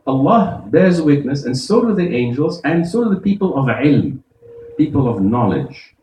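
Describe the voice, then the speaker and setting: Man preaching, lively rising and falling voice, roomy mosque echo, heard from a distance. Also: medium pitch, a little hiss or hum. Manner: explains verses step by step, recites Arabic quickly. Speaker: imam. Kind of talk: Friday sermon. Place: mosque prayer hall.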